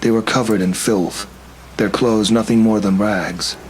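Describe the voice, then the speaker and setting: Male narrator, first-person horror story, steady and tense, lowish voice, faint hum. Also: measured pace, rough recording.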